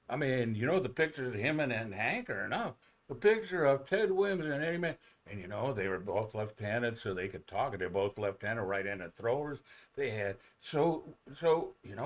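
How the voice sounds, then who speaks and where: A man, a former ballplayer, telling rambling, animated stories on a sports talk show, with many restarts. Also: mid-range voice. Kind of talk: casual storytelling on sports talk radio.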